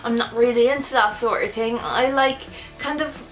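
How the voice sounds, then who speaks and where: A chatty young Irish woman with a slightly high voice, talking casually and eagerly to camera with plenty of fillers. Soft music plays faintly underneath. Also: moderate pace. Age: young adult. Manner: chatty and enthusiastic, many fillers. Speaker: book vlogger.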